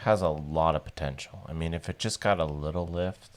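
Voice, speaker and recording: Guy on a podcast, real deep voice, sarcastic deadpan jokes. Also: a little fast. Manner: joking, sarcastic, deadpan asides. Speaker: podcast co-host. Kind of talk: casual chat.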